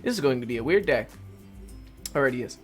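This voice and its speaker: A man's voice: mid-range voice, lively intonation, fast, soft background music. Rambling, swearing gaming host, a man. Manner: rambling, profane, self-mocking. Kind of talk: casual let's play commentary.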